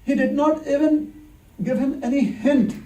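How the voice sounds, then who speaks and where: A man's voice: very high voice, fairly even intonation, unhurried, warm tone. A man giving a conversational sermon, telling stories with rhetorical questions and acted-out dialogue. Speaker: preacher. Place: temple hall. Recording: echoey hall, distant mic.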